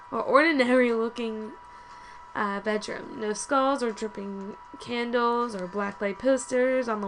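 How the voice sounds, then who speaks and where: A woman reading a story game aloud for her viewers, slipping in chatty asides between the lines. She trips over words and fixes them on the fly, in a voice that sits a little high. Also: poor audio. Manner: lively, chatty, stumbles and corrects herself. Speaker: let's play host.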